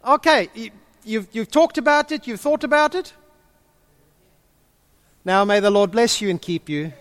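A man leading an interactive church group session as pastor, jokey and animated with quick asides. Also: high voice.

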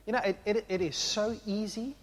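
A man preaching a sermon, with an impassioned delivery that swings from quiet reflection to loud exclamation. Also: sits high, fairly even intonation, normal speed. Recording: long hall reverb.

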